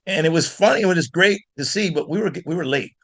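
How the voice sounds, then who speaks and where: A man from Miami, a guest blues guitarist, telling animated stories in an interview with frequent restarts. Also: on the high side, quick pace. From Miami, United States. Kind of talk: storytelling in an interview.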